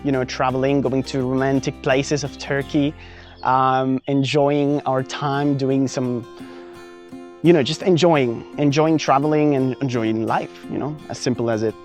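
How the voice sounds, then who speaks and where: A young man from France telling a personal travel story in a casual, animated vlog, full of fillers and restarts. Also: mid-range voice, a little slow, soft background music. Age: young adult. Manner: animated, many fillers and restarts, acts out his own past lines. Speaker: vlogger.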